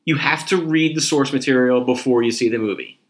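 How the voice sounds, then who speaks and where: A man's voice: medium pitch, a little fast. A man co-hosting a podcast in casual chat, telling stories animatedly and swearing casually. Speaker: podcast co-host.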